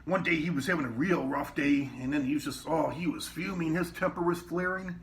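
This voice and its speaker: A man with a fairly high voice tells loose, rambling stories from his years in a restaurant kitchen. He swears a lot and keeps breaking into other people's lines. The mic sits some way off and picks up a faint hiss. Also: fairly quick. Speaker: former cook telling work stories. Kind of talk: casual storytelling. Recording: distant mic with faint background noise.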